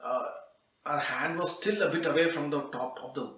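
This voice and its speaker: A man narrating a children's story in a relaxed, conversational way, with fillers and restarts. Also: fairly high pitch, normal speed, roomy sound, distant mic, rough recording.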